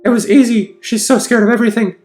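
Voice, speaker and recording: A man's voice: steady tone, fast, a little mellow, faint music behind. A man doing a cooing, sugary obsessive woman. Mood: gloating. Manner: high syrupy falsetto, cooing. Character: obsessive clingy young woman, sweetly menacing.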